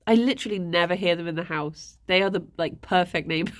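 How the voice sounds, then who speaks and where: A woman's voice: on the low side, brisk, few pauses. A woman, livestreaming and chatting casually with viewers, rambling and laughing often.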